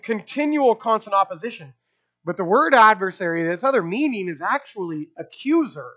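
A man's voice: sits high, fairly bright tone, muffled recording. A man preaching a sermon, emphatic, with rhetorical asides and repeated phrases. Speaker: pastor.

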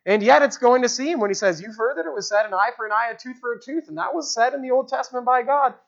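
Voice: mid-range voice, fast. A preacher giving an expository sermon, explaining the original language of a text and repeating key phrases for emphasis. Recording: dull lo-fi recording.

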